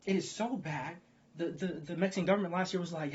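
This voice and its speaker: A man's voice: fairly high pitch, fast talker, dull audio. A man ranting about the news, swearing freely and asking rhetorical questions as he repeats his points. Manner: profane, repetitive, rhetorical "guess what" questions. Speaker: video blogger.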